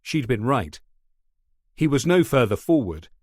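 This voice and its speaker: A male narrator reading a thriller in a steady, measured voice. His pitch sits mid-range for a man. The recording is dry and close. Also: dry recording. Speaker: audiobook narrator. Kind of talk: scripted narration.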